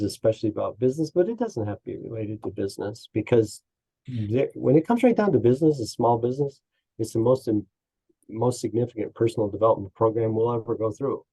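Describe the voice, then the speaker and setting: A man with a husky, fairly low voice talks as an interview guest and coach. His tone is dark and mellow, and his delivery is folksy, with stories told through a chuckle. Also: rough recording. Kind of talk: casual interview talk.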